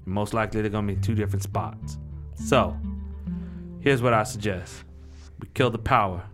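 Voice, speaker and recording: A man with a lowish voice plays his character at a tabletop game. He talks in a bossy, profane way and hands out orders, with music running underneath. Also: moderate pace. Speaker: player. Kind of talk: in-character tabletop role-play.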